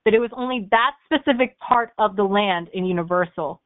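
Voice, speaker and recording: A young woman chats as a podcast guest, telling her stories with lots of fillers and laughter. Her voice sits at a middle pitch for a woman. The sound is thin and tinny, like a phone call. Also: brisk, no echo. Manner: animated storyteller who laughs often, with fillers like "like" and "um". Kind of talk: casual storytelling on a podcast.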